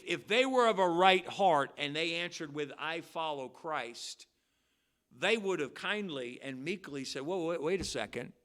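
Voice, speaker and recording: Pastor guy preaching, kinda high voice, gets loud on big words then goes quiet. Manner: emphatic, swings between loud stressed words and quiet asides. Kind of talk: expository sermon. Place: church sanctuary.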